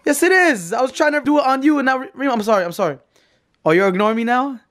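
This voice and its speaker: A man's voice: extremely high pitch, fast talker, fairly bright tone. A young man in his twenties, playfully teasing kids while filming a casual prank vlog. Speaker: vlogger.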